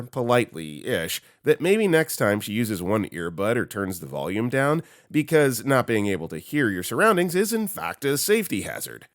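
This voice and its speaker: A man with a low-pitched voice reads online stories aloud, swinging his pitch widely as he plays up the sarcasm. The sound is dry and close, with no room around it. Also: no echo. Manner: animated, sarcastic storytelling. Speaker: story narrator.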